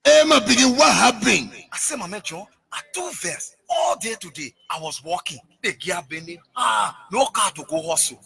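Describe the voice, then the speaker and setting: An actor playing a boastful man who lectures his friend about women in a radio ad skit, with a gravelly, sing-song and shouty delivery. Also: sits high, expressive, moderate pace, hardly any pauses, soft background music, full character voice.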